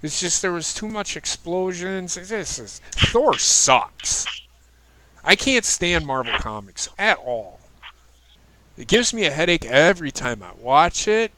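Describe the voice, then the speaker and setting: A man's voice: a little high, big pitch swings, takes it slowly, bright, forceful tone, slight background noise, rough recording. A man hosting a casual chat show, giving blunt opinions and swearing freely. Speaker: podcast host.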